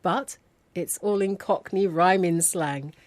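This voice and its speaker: A woman from London hosting a scripted educational programme, speaking in a clear, measured way. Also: fairly low pitch, no echo. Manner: clear, measured, quizzing her co-host. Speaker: host.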